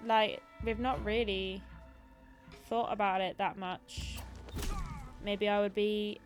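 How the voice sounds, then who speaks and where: A woman in her twenties chats casually on a gaming livestream, rambling from topic to topic with plenty of ums and likes. Her pitch is mid-range and ordinary, and her talk stays relaxed and conversational. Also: slow pace, faint music behind. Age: 20s. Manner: chatty, rambling, lots of fillers. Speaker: streamer host.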